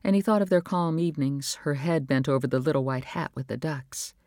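A woman with a low voice reads a novel aloud in a calm, measured way. Her delivery is scripted and steady. The recording is close and completely dry. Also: no room sound. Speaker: audiobook narrator. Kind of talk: scripted narration.

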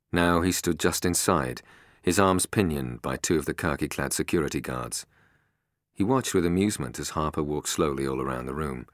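A male audiobook narrator with a deep voice reads scripted narration. The recording is dry and of studio quality.

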